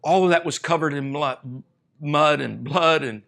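A middle-aged male pastor tells a story from the pulpit. He acts out each character's lines and swings from hushed, low passages to loud, high, emphatic bursts. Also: unhurried, gravelly. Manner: animated retelling, acting out lines, rising to loud emphatic peaks. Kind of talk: sermon storytelling.

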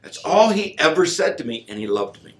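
A man's voice: a little high, sing-song, a little fast, roomy sound. Emphatic man telling a personal story. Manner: emphatic, informal, swings from loud to hushed. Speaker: guest sharing a personal testimony. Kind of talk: casual conversational storytelling.

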